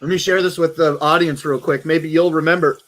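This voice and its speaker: A man's voice: on the high side, steady tone, brisk, a bit bright, a little hiss or hum. A man hosting a casual livestream at home, joking and swearing loosely. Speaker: livestream host.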